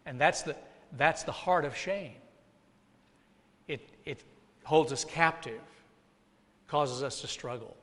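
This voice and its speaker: A man preaching a sermon as pastor, dropping soft and then rising loud. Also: on the high side, expressive, unhurried, long pauses. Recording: long hall reverb.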